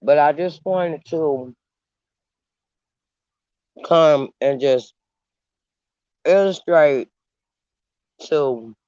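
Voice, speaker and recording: A man hosting a casual livestream, talking slowly with long pauses and eating as he speaks. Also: on the high side, a little mellow, clear, resonant tone, dry recording, dull audio. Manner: unhurried, pausing, eating while talking. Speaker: channel host. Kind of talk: slow casual livestream chat.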